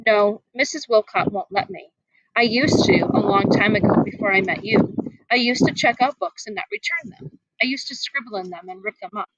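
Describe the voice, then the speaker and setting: A woman's voice: mid-range voice, normal speed, highs cut off, noisy background, lightly acted. A woman voicing a troubled young schoolboy, hesitant and plaintive, in a read-aloud storybook.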